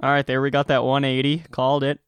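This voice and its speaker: A man's voice: medium pitch, monotone, fast, clear, resonant tone, no echo. A young man in casual movie reaction chat, laid-back and wry. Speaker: co-host.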